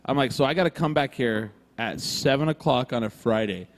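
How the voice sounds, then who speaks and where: A man telling a rambling story in casual, animated fashion, swearing freely and acting out the other people's lines, recorded live in a brewery room. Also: medium pitch, brisk, big-room sound. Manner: animated, swears freely, acts out quoted voices. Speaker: podcast co-host telling a story.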